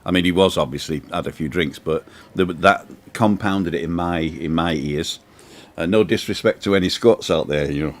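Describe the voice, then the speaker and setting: Deep-voiced man telling stories. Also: moderate pace. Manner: chatty, rambling anecdotes with asides. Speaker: host. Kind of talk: casual storytelling on a live show. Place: outdoor balcony in the sun.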